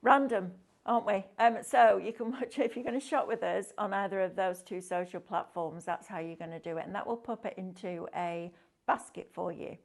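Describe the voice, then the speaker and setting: A woman's voice: mid-range voice, moderate pace, gravelly. A woman presenting a craft shopping show, upbeat and enthusiastic, chatting and asking tag questions as she demonstrates products. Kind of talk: chatty live sales demonstration.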